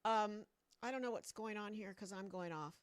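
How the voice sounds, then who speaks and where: A woman's voice: mid-range voice, normal speed, clean tone. A woman on a livestream ranting about politics into her microphone on a stand, rambling and mocking as she talks to her viewers. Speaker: political commentator streaming to viewers. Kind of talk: casual political rant on a livestream. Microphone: own microphone on a stand.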